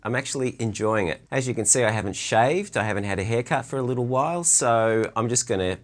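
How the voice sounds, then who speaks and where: A man giving a relaxed, chatty drum lesson from his drum room, counting beats aloud as he explains stickings. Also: medium pitch, fast. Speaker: drum teacher.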